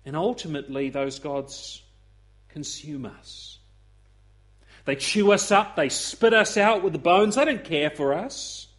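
A man preaching a sermon, acting out the voices he quotes with lively swings. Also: measured pace. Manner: expressive, acts out quoted voices with rising pitch.

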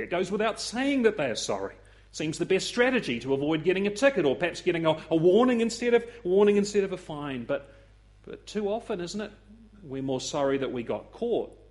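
A male preacher delivers a sermon in a slightly higher-than-usual voice. He talks with expressive swings, putting on the voices of the people he quotes. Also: a little fast. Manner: expressive, acts out quoted voices with rising pitch.

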